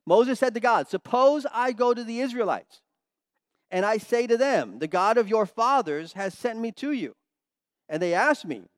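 A man teaching a Bible study, animated and emphatic, dropping to quiet asides between loud stressed points. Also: high voice, dry recording, clean studio sound.

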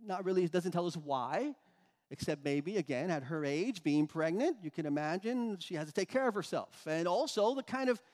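A man's voice: high voice, expressive, normal speed, darkish tone. A man preaching a sermon, explaining scripture in an emphatic way with frequent restarts. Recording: long hall reverb.

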